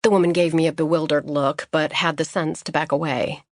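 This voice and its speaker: A woman's voice: low-pitched, fairly even intonation, a little fast, no room sound, clean studio sound. A woman narrating an audiobook in the first person, with a wry, sardonic delivery. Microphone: close studio mic.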